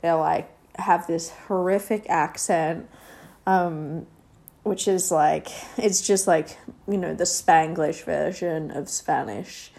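A woman's voice: lowish voice, fairly even intonation, slow, gravelly, a little mellow. A woman casually recapping a reality show, rambling and sarcastic, with lots of fillers.

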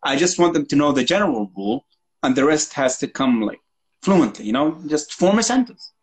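A man's voice: fairly high pitch, very animated, brisk, a little hiss or hum, poor audio. A man co-hosting a casual podcast, an English teacher who talks in a joking, profane, mocking way. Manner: profane, joking, mocks accents. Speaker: podcast co-host. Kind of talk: casual chat.

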